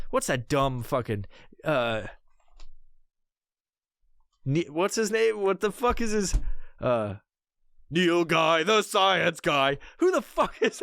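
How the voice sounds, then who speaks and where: A man's voice: high voice, fairly bright tone, dry recording, clean studio sound. A man hosting a podcast, telling a rambling, heavily profane comedic story. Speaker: podcast host.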